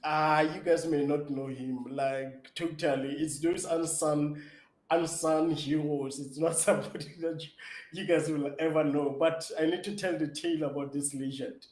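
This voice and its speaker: A man's voice: on the high side, moderate pace, echoey room, poor audio. A man, a startup founder, answering interview questions eagerly with lots of fillers and restarts. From South Africa. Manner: eager, excitable storyteller with many fillers and restarts.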